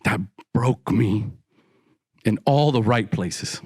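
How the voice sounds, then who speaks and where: In a husky voice with lively intonation, a middle-aged man slowly tells an audience the story of his recovery. He dramatizes it, acting out the other people's dialogue with sharp swings in pitch. The recording is clean studio sound with no room echo.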